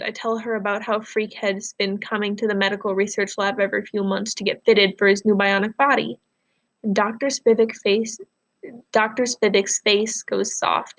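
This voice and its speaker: A woman teacher reading a novel aloud to her class, pausing to explain words and ask questions. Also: medium pitch, flat delivery.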